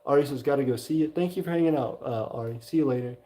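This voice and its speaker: A man's voice: medium pitch, fast, dark tone. A man with a Southern US accent hosting a livestream, reading viewer messages aloud in a casual, hesitant way with many fillers. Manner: hesitant, many "uh" fillers, reacts with mild exclamations. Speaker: livestream host.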